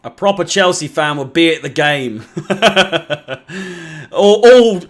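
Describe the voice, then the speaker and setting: A man's voice: fairly high pitch, slow pace, sharp tone. A young man from England hosting a live football watch-along, deflated, sweary and sarcastic. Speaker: fan channel host.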